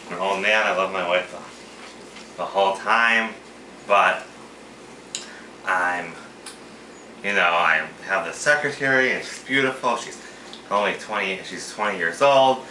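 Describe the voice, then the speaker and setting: Bright-voiced man telling a joke off mic. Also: on the low side, recorded from a distance. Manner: eager, quick, talks over others. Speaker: joke teller. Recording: echoey room, a bit off mic, faint noise.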